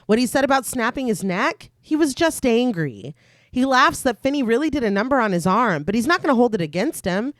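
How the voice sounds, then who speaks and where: A woman's voice: a little high, very animated, a little fast, no echo. Dry-miked woman recapping a horror film. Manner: retells the plot in detail, then adds her own reactions. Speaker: podcast co-host. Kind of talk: casual chat and film recap narration.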